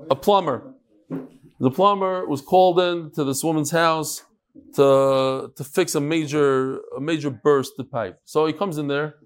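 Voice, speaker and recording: A rabbi leads his Talmud class in an animated lecture, breaking off to tell stories. The man speaks in a somewhat high voice and talks straight to the students in front of him. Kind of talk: lively lecture with storytelling.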